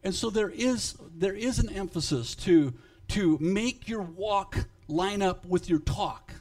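A man preaching a sermon to his congregation, emphatic and swinging in loudness, halting and repeating words when he speaks off the cuff. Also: high-pitched. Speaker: pastor.

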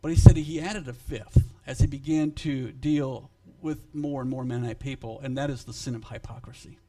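A man preaching a sermon to his congregation, emphatic and swinging in loudness, halting and repeating words when he speaks off the cuff. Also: medium pitch, steady tone. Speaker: pastor.

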